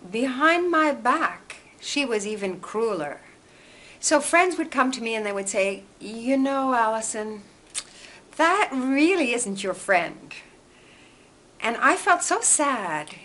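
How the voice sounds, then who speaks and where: Slow, gentle woman hosting a vlog. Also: mid-range voice. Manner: gentle, earnest storytelling. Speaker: host. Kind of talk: reflective self-help vlog monologue.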